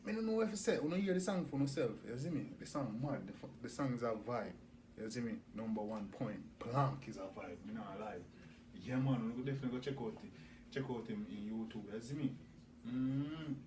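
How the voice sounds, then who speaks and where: A man with a Jamaican accent reacting to a music video, full of patois slang and loud bursts of hype. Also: mid-range voice, fairly quick, background noise.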